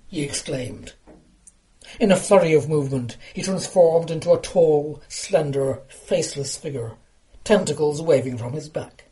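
A reader delivering short fiction aloud in a dry, deadpan way. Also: mid-range voice, unhurried. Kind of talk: reading flash fiction aloud.

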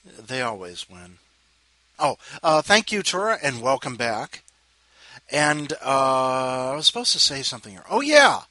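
A man's voice: mid-range voice, very animated, a little slow, bright, forceful tone, no room sound. A man hosting a show, chatting casually with jokey asides and apologies between readers. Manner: self-interrupting, jokey asides, apologizes often. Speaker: host introducing readers. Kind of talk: rambling casual chat.

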